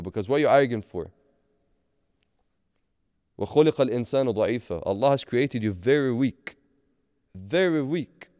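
A man's voice: mid-range voice, a little mellow, no room sound, clean studio sound. A man giving a Friday sermon, earnest, asking rhetorical questions and mixing in Arabic phrases. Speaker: preacher.

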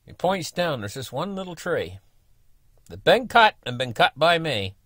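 A man's voice: on the high side, very animated, unhurried, a bit bright, dry recording, clean studio sound. An older man telling a story in a folksy, rambling way, full of "you know" and restarts. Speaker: storyteller, channel host. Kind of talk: casual spoken storytelling.

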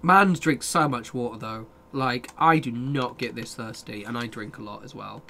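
A man's voice: medium pitch, normal speed, gravelly, bright, forceful tone, slight background noise. A young man casually commenting on a survival game as he plays, swearing and talking back to his chat. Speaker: streamer.

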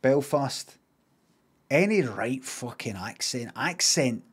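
Chatting casually on a live stream, a middle-aged man with a Glaswegian accent is animated and emphatic, swearing freely. His voice is husky and medium-pitched, and he speaks slowly.

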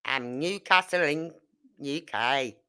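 Brummie lady in her 50s chatting on a live stream, lowish voice but bright and forceful, acts out all the back and forth. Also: slow, clean tone. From Birmingham, England. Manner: animated storyteller acting out dialogue. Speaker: livestream host. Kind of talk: casual live chat.

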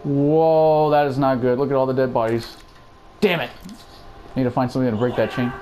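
A man's voice: medium pitch, fairly even intonation, fast, a little mellow, a little hiss or hum. A young man commentating as he plays a horror game, talking to his viewers and exclaiming at every scare. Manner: jumpy, exclaims and chatters to viewers while playing. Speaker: gaming YouTuber. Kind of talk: let's play commentary.

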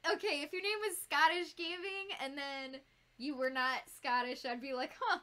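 A woman with a Northern US accent chatting casually on a live stream while she builds a fursuit, bubbly and quick to giggle as she talks to her viewers. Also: sits high, steady tone, pushed and bright. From United States.

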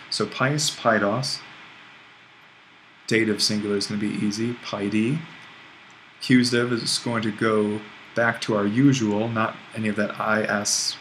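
Man, fairly low voice, online grammar lesson, relaxed and self-correcting, light background hiss. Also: low-quality recording. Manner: relaxed explaining, with restarts and small self-corrections. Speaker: Greek language instructor.

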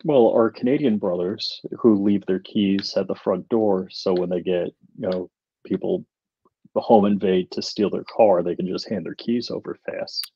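A man's voice: sits low, normal speed, warm tone, breathy edge, dry recording. Dry-joking male co-host, dull sound. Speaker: podcast co-host. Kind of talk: casual chat.

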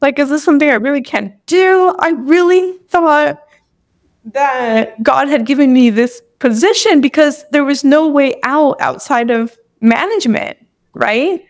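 An unhurried, high-sitting female voice belongs to a young woman recounting a personal story on a podcast. She speaks candidly, gets tearful at points, and peppers her words with "like."

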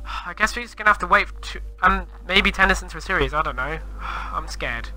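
A man talks over his Minecraft gameplay in a high, sharply bright voice. He sounds flustered and rambling, and he often breaks into exclamations. Soft music sits faintly underneath. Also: expressive, a little fast, rough recording. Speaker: gamer.

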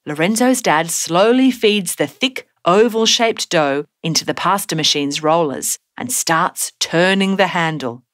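A woman giving a gentle, scripted storybook narration for children. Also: fairly low pitch, dry recording, studio quality. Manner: slow, expressive, gentle.

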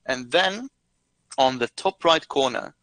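A man's voice: medium pitch, animated, slow pace, a bit bright, dry recording, poor audio. A man answering viewer questions in a live webinar, explaining carefully with lots of hesitant fillers. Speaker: product expert answering questions.

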